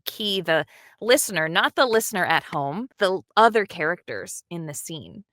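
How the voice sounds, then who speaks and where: Woman, dub director, animated interview chat, low voice, bright tone, dry close sound. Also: no room sound. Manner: animated and enthusiastic, quick asides and laughs.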